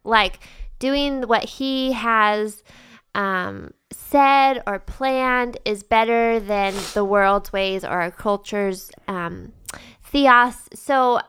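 A woman's voice: on the high side, drawn-out words, a bit bright, slight background noise. A woman in her thirties co-hosting a casual faith podcast with her husband, teasing and laughing easily, and thinking aloud with many fillers. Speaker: podcast co-host.

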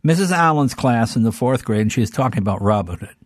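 An older man, a comedian guest, telling childhood stories in a lively way and acting out his relatives' voices. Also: mid-range voice, fast, no echo, clean studio sound. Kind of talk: animated storytelling with impressions.

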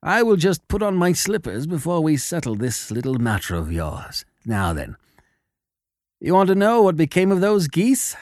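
A man voicing a cool, shrewd detective who speaks in a measured, quietly sardonic way in an audiobook. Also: a little high, very animated, no room sound, clean studio sound. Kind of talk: audiobook character voice.

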